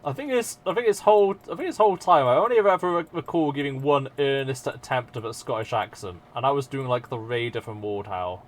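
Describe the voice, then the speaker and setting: Lively, sweary male streamer. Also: medium pitch, fairly quick, few pauses. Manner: swears freely, chatty and self-mocking with viewers. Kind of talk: casual live-stream chat.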